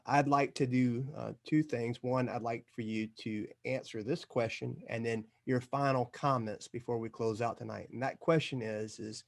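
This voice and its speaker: A man's voice: mid-range voice, gravelly. A man hosting an interview, thanking his guest formally and posing questions with some hesitation. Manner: formal, earnest, hesitant with fillers. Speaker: host. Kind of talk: interview wrap-up.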